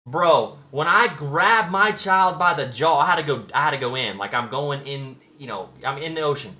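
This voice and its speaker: List: man, young adult, excitable, slangy, bright tone. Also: on the high side, fairly quick. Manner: excitable, slangy, dramatic retelling. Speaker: streamer. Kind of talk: casual storytelling chat.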